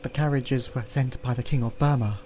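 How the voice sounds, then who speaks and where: A man reading an affable middle-aged monk in a story game, calm and friendly. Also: mid-range voice, normal speed, a little hiss or hum, close to an everyday voice.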